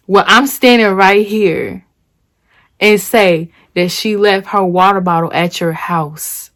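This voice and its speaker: Animated woman telling a story. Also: medium pitch, slow. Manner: animated, dramatic retelling with slang. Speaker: vlogger. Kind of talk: casual storytime vlog.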